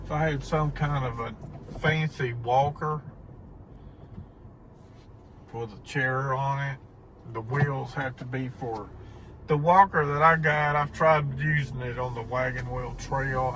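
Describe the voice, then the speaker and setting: A man's voice: medium pitch, fairly even intonation, a little slow, background noise. A middle-aged man, rambling in a casual vlog monologue from a parked car, repeating himself and swearing when he gets angry. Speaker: vlogger. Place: parked car in heavy rain.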